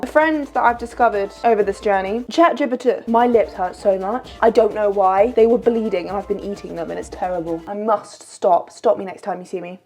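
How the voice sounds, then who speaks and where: A young British vlogger in her twenties has a medium-pitched voice with a darkish tone. She chats casually to camera, tired from little sleep, teasing herself and jumping between topics.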